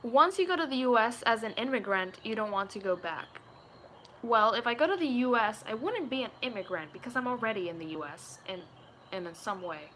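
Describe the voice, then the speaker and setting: Young Puerto Rican woman, bright chatty voice. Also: fairly high pitch, animated, a little fast, a little hiss or hum, rough recording. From Puerto Rico. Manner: reads chat questions and answers offhand, tries joke accents. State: sore, tired voice. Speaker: streamer chatting with viewers. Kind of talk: casual live-stream chat.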